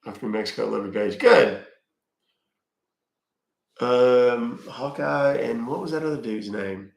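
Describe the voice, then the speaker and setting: A man hosting a casual livestream goes through his viewers' chat, answering questions with laid-back fillers. He talks at normal speed in a mid-range, creaky voice with a darkish tone, and the room echoes.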